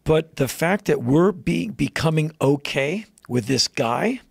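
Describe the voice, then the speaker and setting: A man with a fairly high, gravelly and husky voice tells a story in casual podcast chat. He gets animated and jumps into loud high voices when he quotes people. The sound is dry and close to the mic. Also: a little slow, no room sound. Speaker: podcast guest.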